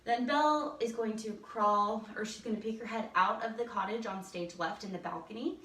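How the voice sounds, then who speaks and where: A woman's voice: a little high, moderate pace, a bit bright. A woman theater teacher giving casual, enthusiastic stage directions, laughing often. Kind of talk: casual instructional talk. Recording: roomy echo, distant from mic.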